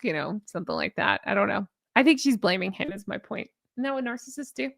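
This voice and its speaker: A woman's voice: mid-range voice, animated, fast talker, creaky, hardly any pauses, a bit bright, no echo, clean studio sound. A woman hosting a casual live-stream commentary, chatty and gushing as she reads viewer comments aloud. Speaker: YouTube commentary host.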